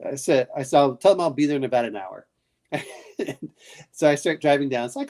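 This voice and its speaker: A man speaks at normal speed with a medium-pitched, somewhat dark voice. In relaxed late-night conversation he meanders through family anecdotes, voicing what relatives said and starting over many times.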